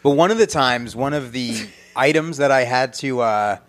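A man guesting on a comedy podcast, telling rambling stories in a deadpan way. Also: mid-range voice, moderate pace. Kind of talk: casual comedic chat. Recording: echoey, distant from the mic.

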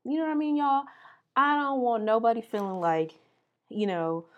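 A woman's voice: a little high, lively intonation, normal speed, dull audio. A young woman hosting a podcast, talking candidly and earnestly about mental health in casual slang and getting emotional at times. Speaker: podcast host. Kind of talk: candid motivational talk.

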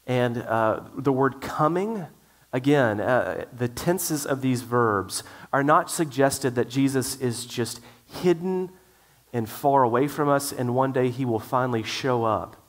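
A middle-aged male pastor preaching a sermon in an earnest way, with frequent restarts. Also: medium pitch.

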